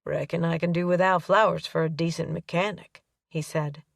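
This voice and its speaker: A woman narrates an audiobook in a fairly low voice and shifts lightly between the characters as she reads. The sound is dry, with the mic a little distant. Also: steady tone, normal speed, gravelly, no room sound. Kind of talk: scripted narration.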